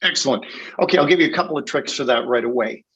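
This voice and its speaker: A man's voice: medium pitch, fast, fairly bright tone, slightly rough. An older man from England, a guest hypnotist, telling wry, funny stories in a casual interview and laughing often. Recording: dull lo-fi sound.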